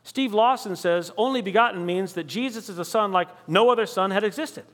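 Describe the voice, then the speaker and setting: Man preaching a sermon, high bright voice, slows way down on the big questions, long church reverb. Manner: dramatic, rhetorical questions, slows for emphasis.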